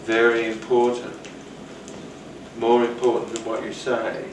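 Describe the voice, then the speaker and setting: A man giving a rambling, animated talk on rapport, now and then acting out the voices of people he quotes. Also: medium pitch, measured pace. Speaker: teacher. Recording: roomy, distant, noisy.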